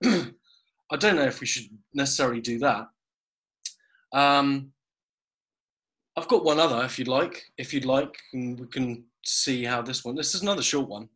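A man's voice: mid-range voice, normal speed, long pauses, fairly bright tone. A man co-hosting a casual podcast chat, with a dry manner, who reads short comic poems aloud. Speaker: podcast co-host.

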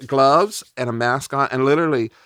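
A man's voice: medium pitch, moderate pace, fairly bright tone, dry recording, clean studio sound. A middle-aged man from Texas, a podcast interview guest, telling personal stories candidly and emotionally with blunt language.

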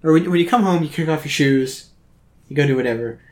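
A man's voice: fairly high pitch, fast. A man co-hosting a podcast in casual chat, riffing wryly and emphatically with plenty of swearing. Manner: wry, profane, emphatic riffing. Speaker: podcast co-host.

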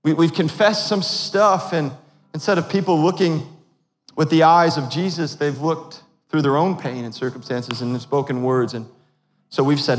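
Animated pastor preaching in a reverberant church. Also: male voice, a little high, moderate pace. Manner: animated, self-deprecating, laughs often. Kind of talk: sermon. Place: church sanctuary. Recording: long hall reverb.

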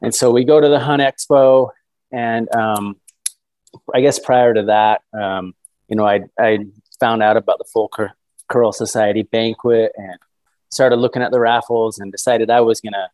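A man in his thirties telling a story as a podcast guest, eager and animated. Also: on the low side, moderate pace, dry recording, rough recording. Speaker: guest hunter.

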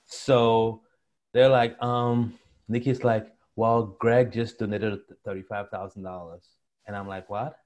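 Young guy, lowish voice, guest on a chat show, tells his story animated. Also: unhurried. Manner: animated storyteller, acts out quotes. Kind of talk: storytelling interview.

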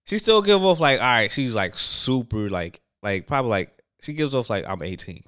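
Smooth-voiced young man rambling casually. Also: mid-range voice, moderate pace, no echo, clean studio sound. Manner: rambling, animated, lots of fillers and restarts. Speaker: podcast co-host. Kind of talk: casual chat.

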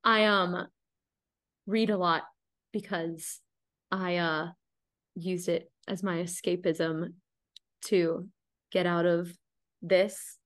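A woman's voice: lowish voice, fairly even intonation, takes it slowly, long pauses, fairly bright tone. A woman in her twenties from the United States, hosting a casual podcast chat, talking with many fillers and laughing easily. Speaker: podcast host.

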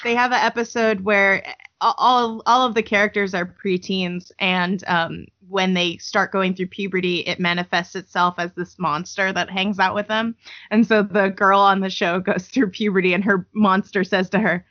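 A woman co-hosting a podcast, chatting casually and telling a story in a relaxed way. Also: medium pitch, moderate pace, dry recording. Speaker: podcast co-host. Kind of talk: casual chat. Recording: dull lo-fi sound.

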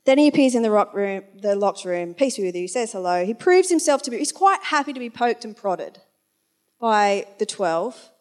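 A woman's voice: fairly high pitch, lively intonation, normal speed, darkish tone. A woman preaching a conversational sermon, chatty and informal, with wry asides and the odd moment of losing her place. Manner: loses her place and corrects herself aloud.

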